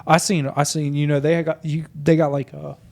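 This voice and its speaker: A man's voice: a little high, little pitch movement, normal speed, creaky, a little mellow. Laughing, profane young man telling a story. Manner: profane, laughing, acts out quoted voices. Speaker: podcast co-host. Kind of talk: casual storytelling chat.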